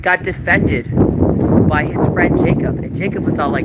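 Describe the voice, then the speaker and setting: High-voiced man ranting over traffic noise. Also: brisk. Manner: agitated, rambling storytelling with repetitions. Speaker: livestreamer. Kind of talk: livestream chat, ranting to viewers.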